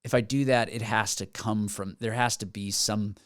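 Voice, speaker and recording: A man's voice: fairly low pitch, steady tone, moderate pace, a bit bright, no echo, studio quality. A man in his forties, a musician guest on a podcast, telling stories in an earnest, rambling way with many restarts. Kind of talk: casual podcast interview. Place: podcast studio.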